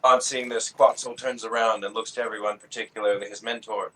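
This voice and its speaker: A man's voice: lowish voice, flat delivery, a little fast, hardly any pauses, bright, forceful tone, rough recording. A man playing a tabletop game, narrating his character's actions in third person and speaking its lines. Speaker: player. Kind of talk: tabletop role-play.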